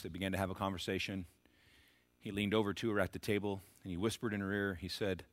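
A man preaching a sermon as pastor, emphatic and repetitive, rising to shouted bursts. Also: sits low, no echo.

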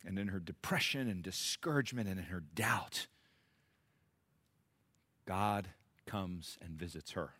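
A middle-aged man preaching a sermon to his church, rising to loud emphatic peaks and dropping to hushed, intimate asides. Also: low voice, no room sound. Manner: acts out biblical characters in quick voices. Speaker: pastor.

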